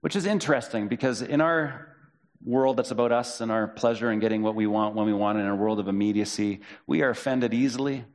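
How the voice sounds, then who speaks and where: A man preaching a sermon as pastor, in a conversational way, reading and paraphrasing scripture with lively quoted voices. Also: on the low side, a little fast.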